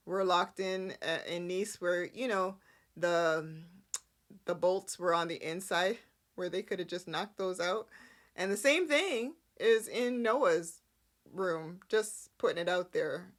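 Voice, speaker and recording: Woman, soap recap host, slow unhurried delivery, opinionated, rambling asides. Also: medium pitch, a bit bright. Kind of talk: casual recap chat.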